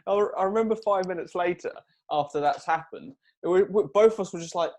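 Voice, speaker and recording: Young man with a high voice, telling a story. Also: brisk, darkish tone. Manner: storytelling, chuckling often. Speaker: podcast co-host. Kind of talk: casual chat.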